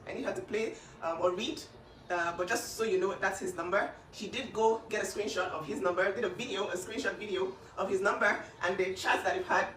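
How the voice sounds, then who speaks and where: A woman's voice: mid-range voice, steady tone, a little fast, fairly bright tone, reverberant, recorded from a distance, a little hiss or hum. A woman speaking up for her younger sister in an emphatic, insistent casual talk. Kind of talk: emotional casual talk to camera.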